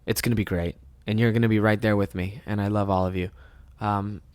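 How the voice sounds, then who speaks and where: A young man hosting a solo comedy podcast, telling an animated personal story with plenty of swearing and laughter. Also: fairly low pitch, fairly quick, no room sound.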